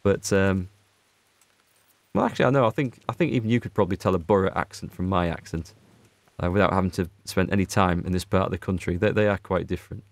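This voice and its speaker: Northern English male host, chatty, self-mocking let's play commentary, slightly low voice, dead-dry booth sound. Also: fast talker, no room sound. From Northern England. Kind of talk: casual gameplay commentary.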